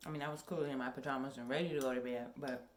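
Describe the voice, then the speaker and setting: A young woman with a low voice chats casually to her camera, rambling a little and filling pauses with ums. The sound is roomy with echo from her home workout space, and there is a faint hiss behind her. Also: steady tone. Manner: chatty, rambling, with many ums. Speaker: vlogger. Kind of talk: casual vlog chat.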